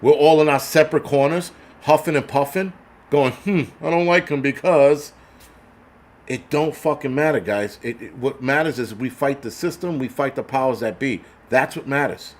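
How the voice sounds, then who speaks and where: A man's voice: medium pitch, moderate pace. A man hosting a livestream, ranting bluntly with heavy swearing and many restarts while thanking viewers for donations. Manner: blunt, heavily profane, repetitive restarts. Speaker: livestream host.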